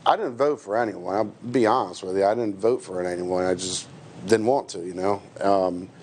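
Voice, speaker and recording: A man's voice: deep voice, moderate pace, a little mellow, slight background noise. A man from the United States, a truck driver, giving a hesitant personal account with many restarts and fillers.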